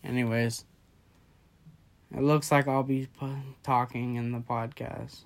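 Young man, drunk, rambling, casual chat, mid-pitched voice. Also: flat delivery, measured pace. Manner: rambling, loose and off-track. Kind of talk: casual late-night chat.

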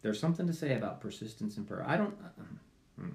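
Talking fast in a lowish voice with vocal fry, a male pastor delivers an animated sermon. He plays the characters in his story, alternating loud, pleading cries with muttered asides under his breath.

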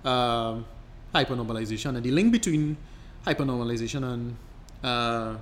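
A man's voice: medium pitch, moderate pace, a little hiss or hum. A man co-hosting a podcast, explaining at length in casual chat, rambling and restarting his sentences. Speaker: podcast co-host.

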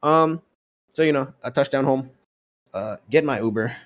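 Speaking at normal speed in a medium-pitched voice, a man on his podcast spins a long, casual story. He's profane and animated, playing both parties in each exchange he recounts.

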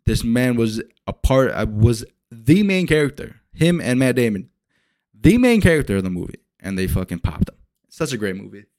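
A young man hosting a solo podcast, rambling and swearing as he retells movie scenes with lively energy. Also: medium pitch, moderate pace, no echo. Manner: rambling, profane, animated retellings. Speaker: podcast host. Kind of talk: casual solo podcast rant.

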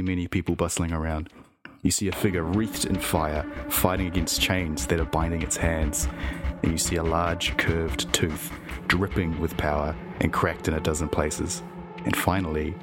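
A very low-voiced man narrating as game master, drawing out his descriptions slowly with the odd filler word. Soft music sits faintly behind him.

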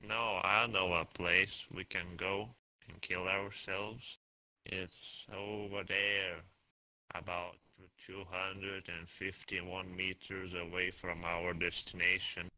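A man voices a creepy coaxing figure with a very deep, flat voice. He speaks slowly and insistently, with a dark timbre. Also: exaggerated voice, poor audio. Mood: creepy calm. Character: creepy slow-talking man luring a boy.

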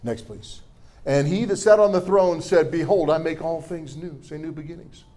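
High-voiced pastor preaching. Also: male voice, moderate pace. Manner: preaching with call-and-response to the congregation; humorous asides, rises to forceful declarations. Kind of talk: sermon.

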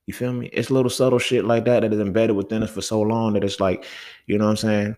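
On his laid-back solo podcast, a young man rants in a heated, profane, conversational style, often asking listeners "you feel me." His voice sits on the low side with fairly even intonation, a fast delivery, and a slightly mellow quality.

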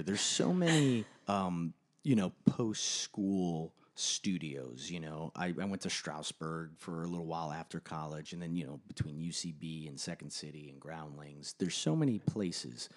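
A man who works as an actor, giving animated, jokey advice in a casual podcast chat. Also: low voice, moderate pace, few pauses. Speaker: actor guest.

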